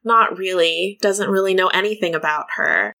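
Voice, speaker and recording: A woman's voice: lowish voice, big pitch swings, normal speed, creaky, sharp tone. A woman playing a tabletop game, hesitant and thinking aloud as she narrates her character. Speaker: player. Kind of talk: tabletop role-play.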